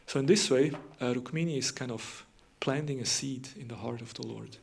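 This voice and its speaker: A man's voice: mid-range voice, moderate pace, vocal fry, few pauses, husky. A man giving a devotional morning lecture, retelling scripture in a loose conversational way with frequent fillers and restarts.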